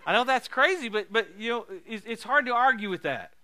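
A male preacher delivering a sermon full of healing stories, telling them with laughter and sudden loud bursts of emphasis. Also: extremely high pitch, lively intonation, brisk.

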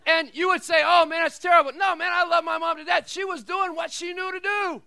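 A middle-aged man preaching a sermon as pastor, telling stories with animated swings between shouted lines and quiet asides. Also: very high voice, brisk, vocal fry, no room sound.

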